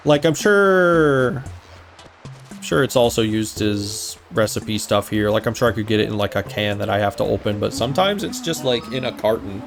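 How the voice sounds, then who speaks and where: A man's voice: lowish voice, normal speed, faint music behind. A man streaming a game, chatting in a casual, musing way. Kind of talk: casual gaming chat.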